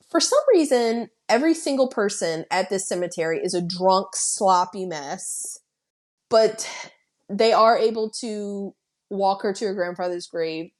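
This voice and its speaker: A woman's voice: mid-range voice, unhurried. A woman hosting a podcast, recapping a horror film's plot in a casual, blunt way, swearing freely and laughing. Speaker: podcast host.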